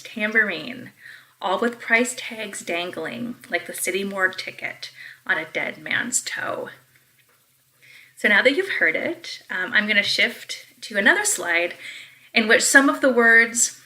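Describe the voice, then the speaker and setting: Bright-voiced woman giving an English lecture. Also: medium pitch, rough recording. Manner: explanatory, with frequent ums and uhs. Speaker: college English instructor. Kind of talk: recorded lecture.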